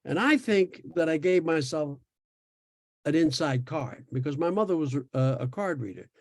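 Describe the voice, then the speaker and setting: A man's voice: fairly high pitch, animated, normal speed, a little mellow, no room sound, clean studio sound. A man in his eighties from New York, telling stories in casual conversation, rambling with restarts and laughs. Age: 80s. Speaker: podcast guest sharing his experience.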